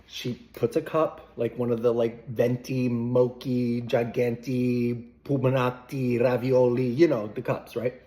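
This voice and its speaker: A man at an ordinary middle pitch tells a story straight to the camera. His delivery is casual and meandering. He keeps slipping in playful asides as he goes. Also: level tone, measured pace, few pauses, mellow. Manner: rambling, chatty anecdote-telling with playful asides. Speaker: vlogger.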